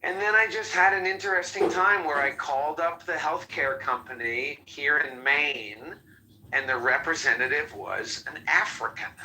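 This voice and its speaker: A man's voice: on the high side, noisy background. A man on a podcast telling a frustrated, profane story in a casual way. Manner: grumbling, profane complaining. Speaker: podcast co-host.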